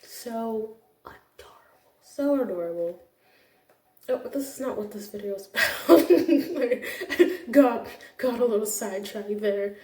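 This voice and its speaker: Mellow-voiced woman in an echoey room. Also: mid-range voice, moderate pace, recorded from a distance. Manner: chatty and gushing, with frequent restarts. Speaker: school computer teacher. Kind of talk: casual vlog chat.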